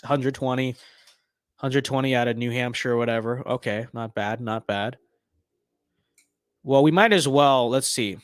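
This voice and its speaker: A man's voice: mid-range voice, a bit bright, smooth, no echo, studio quality. A young man streaming a game, giving casual rambling commentary with tongue-in-cheek bragging.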